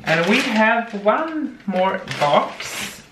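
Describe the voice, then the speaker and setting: A woman's voice: a little high, big pitch swings. A woman unboxing plant gifts in a casual vlog, gushing and exclaiming as she talks. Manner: gushing, exclamatory, slow and drawn-out. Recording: echoey room with noticeable background noise.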